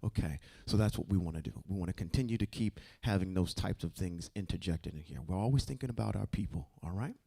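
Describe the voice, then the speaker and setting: Male Bible study leader, relaxed teaching voice, keeps asking the room "okay?". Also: low voice, vocal fry. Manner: keeps checking in with "okay?" and "right?"; quizzes listeners with questions. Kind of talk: casual scripture teaching to a group.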